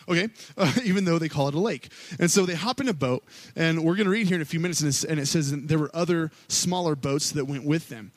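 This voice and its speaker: Casual, higher-voiced man preaching a sermon. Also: dry recording. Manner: casual and storytelling, with many fillers, acting out quotes. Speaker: worship pastor. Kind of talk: conversational sermon.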